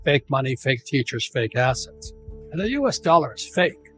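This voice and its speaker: A man's voice: mid-range voice, very animated, moderate pace, a bit bright, faint music behind. A man in his seventies with an American accent, giving an interview in an emphatic, repetitive ranting way with frequent restarts. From United States. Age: 70s. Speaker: interview guest, author.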